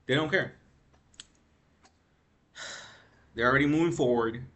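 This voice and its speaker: A mid-range male voice, slow and a bit bright, rambles through gaming news in a slangy vlog rant. He's tired from lack of sleep and keeps saying "bro" and "freaking" in his casual commentary.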